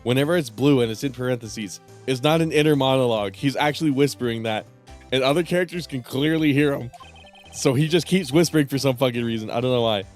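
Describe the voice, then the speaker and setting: A man's voice: medium pitch, fast, soft background music. A man streaming a game, talking in a casual, crude way and laughing often. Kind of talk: let's-play commentary.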